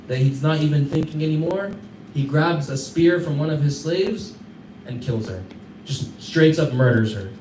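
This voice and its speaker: A man teaching a class, retelling a story in a casual, animated way with Arabic fillers. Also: a little high. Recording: echoey room, distant mic, background noise.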